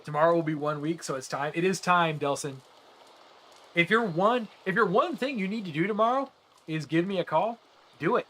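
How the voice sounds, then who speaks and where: A man's voice: sits high, moderate pace, a bit bright, a little hiss or hum. A man streaming a game and chatting earnestly with his viewers, rambling with frequent restarts. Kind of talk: casual chat with live viewers while gaming.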